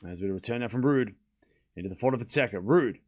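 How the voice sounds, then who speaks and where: A man hosting a live tennis watchalong stream, calling points with excitement and chatting casually and bluntly with his viewers. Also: medium pitch, fast talker. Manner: excited play-by-play, then ranting casually at chat. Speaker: stream host and tennis commentator. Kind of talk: live watchalong commentary with chat.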